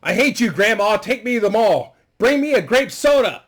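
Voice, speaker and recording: A man voicing a rude, bratty young grandson with a high, whiny shout. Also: expressive, normal speed.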